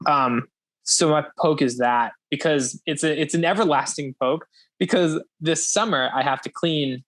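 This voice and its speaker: A young man on a podcast with a slightly higher voice, talking loosely and rambling. He swears casually, laughs easily, and keeps the chat relaxed. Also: normal speed. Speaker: podcast host.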